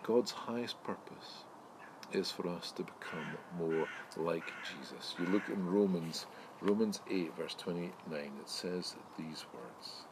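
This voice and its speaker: A man preaches from home in a friendly, chatty way, growing more animated when he tells a story. His voice sits low and deep. A faint noise runs under the recording. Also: measured pace. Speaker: pastor. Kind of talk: sermon with a told joke. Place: home during lockdown.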